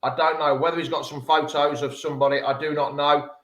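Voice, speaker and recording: A man's voice: a little high, little pitch movement, fast, fairly bright tone. A man hosting a casual fan chat show, ribbing his guests as he talks. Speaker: host. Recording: echoey room.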